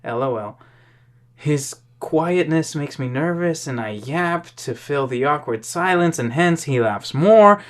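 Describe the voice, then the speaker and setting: Slow-talking tipsy co-host, reads stuff out real drawn out, teases a lot. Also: mid-range voice, lively intonation. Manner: slow, drawn-out reading, dry teasing. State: tipsy from drinking. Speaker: podcast co-host. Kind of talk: casual reading and banter.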